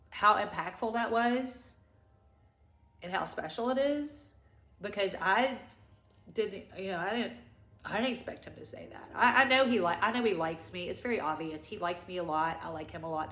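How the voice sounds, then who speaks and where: A middle-aged woman vlogger crying as she tells a personal story, halting and rambling with many restarts. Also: mid-range voice, a bit bright. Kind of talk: tearful personal story time. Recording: echoey room.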